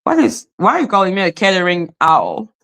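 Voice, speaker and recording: A woman's voice: lowish voice, wildly swooping pitch, brisk, a bit bright. A woman hosting a livestream, ranting bluntly at viewers in her chat and swearing freely. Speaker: livestream host reacting to chat. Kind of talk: casual livestream rant.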